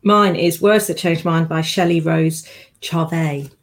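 A woman's voice: sits low, fairly even intonation, a little slow. A woman co-hosting a podcast in upbeat, casual chat. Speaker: podcast co-host.

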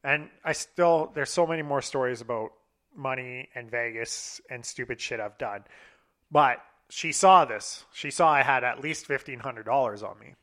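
A man's voice: medium pitch, moderate pace, a bit bright. A young man telling a long personal story in a casual, rambling, profane way, acting out what others said.

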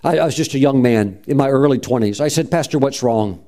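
Fervent preaching pastor, mellow voice. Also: male voice, medium pitch, fast. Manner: fervent preaching, repeats "praise God", acts out quoted voices. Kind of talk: sermon.

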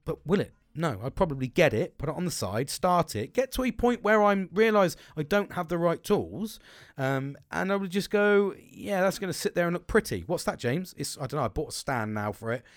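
A man's voice: fairly high pitch, very animated, normal speed, no room sound. Middle-aged man, sweary and blunt, rambling candid talk; dry recording. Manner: sweary, blunt, restarts often.

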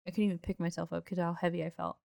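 A woman telling an animated personal story in casual chat, often laughing. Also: fairly low pitch, racing, gravelly, no echo, studio quality.

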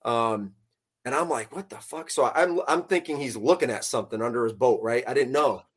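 A man casually telling a fishing story, animated and profane, laughing as he goes. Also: mid-range voice, brisk, husky.

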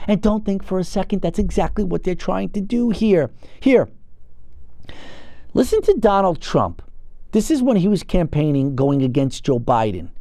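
A man with a high-pitched voice hosts a political commentary show, ranting with heat and piling up rhetorical questions. The recording is dry and close, with no room sound around him. He speaks to camera from an indoor set. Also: animated, normal speed, dark tone, dry recording.

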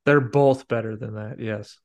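A man's voice: medium pitch, steady tone, measured pace, vocal fry, darkish tone. A man hosting a podcast, chatting casually about a movie with rambling, filler-heavy talk. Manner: rambling, lots of fillers and restarts. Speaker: podcast host.

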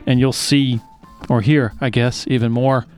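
Male podcast host signing off, quick wrap-up, mid pitch, a little guitar music underneath. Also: flat delivery, a little mellow, clear, resonant tone. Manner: brisk, wraps up the show and thanks the listeners. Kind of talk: closing remarks.

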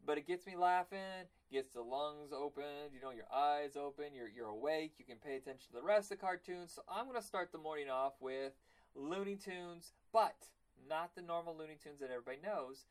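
A man hosting a podcast in a casual chat, rambling and excitable, often slipping into cartoon voices. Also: on the high side, brisk. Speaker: podcast host.

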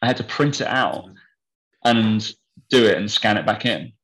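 A man's voice: fairly low pitch, animated, moderate pace, fairly bright tone, rough recording. A young man chatting casually on a podcast, telling a story bluntly and swearing freely. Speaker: podcast co-host. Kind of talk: casual chat.

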